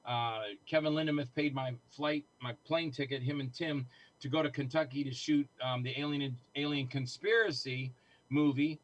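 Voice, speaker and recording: A middle-aged man telling stories in casual conversation, animated and acting out the voices of people he quotes. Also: mid-range voice, normal speed, no room sound, poor audio. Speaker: guest filmmaker. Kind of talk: casual storytelling.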